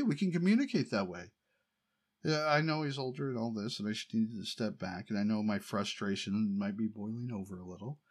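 A man's voice: mid-range voice, husky. A middle-aged man from the United States in a casual personal monologue, rambling and wryly complaining. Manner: rambling, wry, exasperated complaining with laughs.

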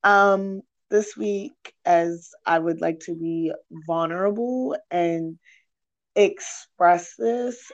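A woman's voice: fairly low pitch, very slow, lo-fi sound. A young woman hosting a candid podcast chat, talking frankly and with lots of swearing, rambling through her thoughts with many fillers. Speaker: podcast host.

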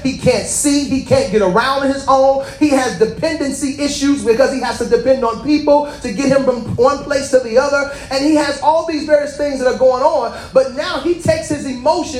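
A man preaching a sermon in a very high voice, with a strong roomy echo around him. He reads scripture aloud and then presses his point with impassioned calls that climb into shouting. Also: slight background noise. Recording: echoey room.

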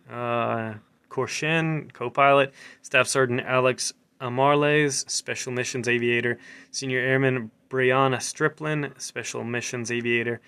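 A man's voice: mid-range voice, gravelly, bright, forceful tone, clear, resonant tone. A man hosting a casual military news show, reading items aloud with loose, chatty commentary, stumbling over words and breaking into laughter as he reads.

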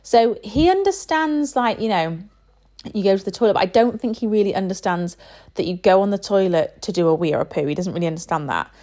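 A woman's voice: mid-range voice, lively intonation, fairly quick, dark tone. A woman in her thirties, a parent chatting casually and rambling with lots of fillers. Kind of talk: casual chat.

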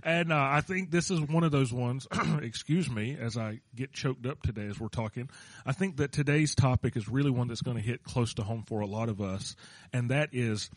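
A man's voice: mid-range voice, moderate pace, no echo. Joking man co-host, dry close sound. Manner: joking, playful banter. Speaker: podcast co-host, pastor. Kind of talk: casual chat.

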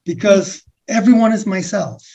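A man from the USA, speaking as a guest in a reflective spiritual conversation, rambling softly with many restarts and fillers. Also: high voice, normal speed, creaky. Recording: dull lo-fi recording.

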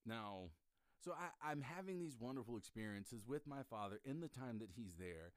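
A middle-aged man hosting a podcast, telling a personal story in an animated way, often restarting his sentences and acting out what people said. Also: mid-range voice, normal speed, no echo, studio quality. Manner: animated, acts out quoted voices, frequent restarts. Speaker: podcast host.

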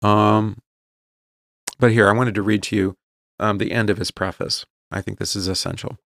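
A man teaching as a pastor, reading passages aloud and explaining them, often checking in with "right?" and slowing down on key points. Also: fairly low pitch, fairly even intonation, creaky, fairly bright tone, no echo. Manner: slows down to stress key points.

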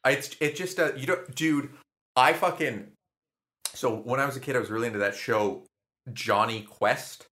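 A man's voice: medium pitch, moderate pace, pushed and bright. A young adult man in a casual comedic chat, rambling, swearing and laughing often.

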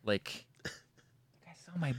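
Animated, swearing storyteller man. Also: measured pace. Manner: animated, swears a lot, many likes and restarts. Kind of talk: casual storytelling chat.

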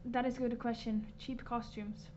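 A woman's voice: a little high, flat delivery, normal speed, a little mellow. Slangy young woman, casual chat. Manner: slangy, laid-back, swears casually. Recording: dull lo-fi sound with faint background noise.

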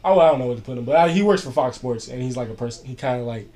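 A young man chatting casually at an ordinary middle pitch. He rambles, piling on fillers and "I was like" as he tells a story. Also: expressive, racing, dark tone. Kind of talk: casual chat.

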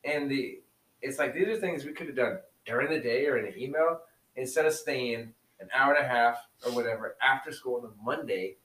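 A man's voice: medium pitch, fairly quick, fairly bright tone, distant mic. A man who teaches, chatting casually on a podcast and telling classroom stories with easy laughs. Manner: storytelling, laughs easily. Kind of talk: casual chat. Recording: roomy echo, set back from mic.

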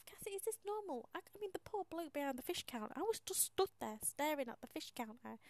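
A woman's voice: high voice, animated, fairly quick, few pauses, darkish tone, dry recording. A woman hosting a casual monologue, chatty and self-mocking, often half-whispering, laughing and swearing as she tells her story. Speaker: podcast host.

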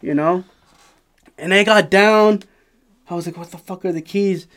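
A man, casually telling an animated, profanity-laden story on a podcast and laughing as he goes. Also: high-pitched, measured pace. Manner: animated, swears a lot, laughs while telling. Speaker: podcast host.

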